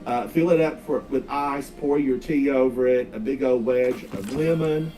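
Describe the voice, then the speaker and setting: A man's voice: mid-range voice, moderate pace, warm tone, faint music behind. A man from the North Carolina mountains with a Southern accent, chatting casually and rambling in folksy asides while he streams a game. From North Carolina, Smoky Mountains. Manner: rambling, folksy, drawls out words. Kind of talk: casual gaming livestream chat. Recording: distant mic, faint background noise.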